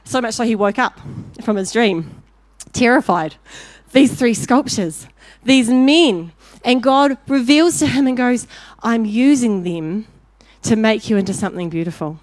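A woman preaching a sermon, telling a story with lively acted-out voices before turning to direct exhortation. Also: a little high, normal speed, dry recording. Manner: animated storyteller, acting out voices in anecdotes.

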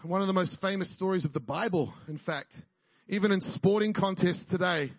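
Male preacher, high voice, dry close sound, casual humor. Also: moderate pace, no echo. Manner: jokey, conversational preaching with frequent "right?" and laughs. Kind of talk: sermon.

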